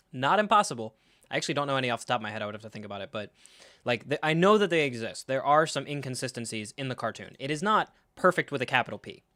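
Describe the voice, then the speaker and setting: Swearing, animated reaction-stream host, man. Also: mid-range voice, no room sound. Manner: animated, sarcastic, swears freely, laughs, acts out scenes. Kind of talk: casual live reaction commentary.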